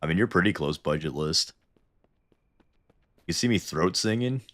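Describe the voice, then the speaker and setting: A man's voice: deep voice, animated, moderate pace, fairly bright tone. A Canadian man with a Canadian accent, streaming and chatting casually over a game, laughing often and swearing when startled. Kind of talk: casual gameplay commentary.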